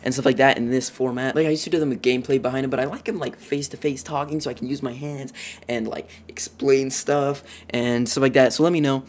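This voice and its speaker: A teenage boy vlogging a storytime, rambling and excitable, filling his talk with "like.". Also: medium pitch, fast, slight background noise. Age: teens. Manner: excitable, rambling, heavy use of "like". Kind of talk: storytime vlog.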